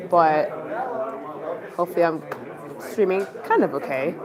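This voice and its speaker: Unhurried and animated, a woman with a fairly low voice livestreams on her phone from a bustling campaign office. Her talk is casual and rambling, full of fillers, and the voices of a crowd can be heard in the background.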